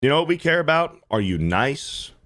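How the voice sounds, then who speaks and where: A man's voice: a little high, big pitch swings, normal speed, fairly bright tone. A man hosting a livestream, reacting to clips in casual, profane commentary and often repeating himself. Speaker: livestream host.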